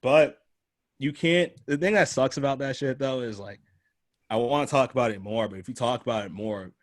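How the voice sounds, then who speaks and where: A man's voice: mid-range voice, moderate pace, dry recording, studio quality. A man hosting a casual chat, telling a story in slang, swearing and acting out other people's voices. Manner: animated, slangy, acts out quoted voices; swears freely, frequent "like" fillers. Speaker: podcast host.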